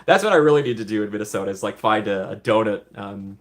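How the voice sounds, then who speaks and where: A man's voice: mid-range voice, expressive, measured pace, long pauses. A man casually chatting on a livestream, answering viewer comments in a playful way and giggling often. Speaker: streamer answering live chat.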